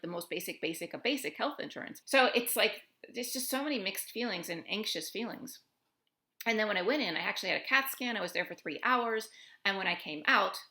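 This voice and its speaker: A young woman from the United States speaks earnestly and emotionally to her camera, peppering her talk with "like". Her voice is bright and forward. The room around her rings with a noticeable echo. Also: mid-range voice. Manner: earnest, emotional, heavy use of "like". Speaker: expat vlogger. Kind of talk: personal monologue to camera.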